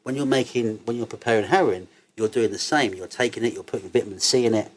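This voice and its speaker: Male, 50s, interview guest; sweary, animated raconteur with faint background noise. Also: fairly low pitch, quick pace. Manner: swearing, animated, laughs through his stories. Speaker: interview guest, cannabis entrepreneur. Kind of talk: casual interview storytelling.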